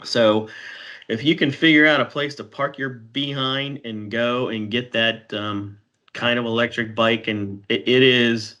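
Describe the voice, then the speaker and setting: Bright-voiced rambling middle-aged man. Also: medium pitch, fairly even intonation. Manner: rambling, halting with restarts. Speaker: podcast co-host. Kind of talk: casual chat.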